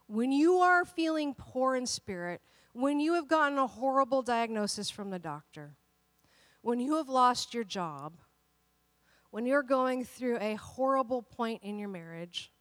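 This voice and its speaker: Woman pastor, conversational sermon, lively, fairly high-pitched, dry sound. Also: unhurried, no echo. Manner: animated, conversational preaching with many restarts.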